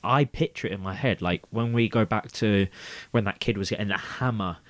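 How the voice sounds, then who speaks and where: A man's voice: fairly low pitch, fairly quick, no echo. A man in his twenties chatting on a podcast, swearing freely and filling gaps with lots of yeahs. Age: 20s. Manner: swearing, lively, many fillers. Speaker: podcast host. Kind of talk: casual chat.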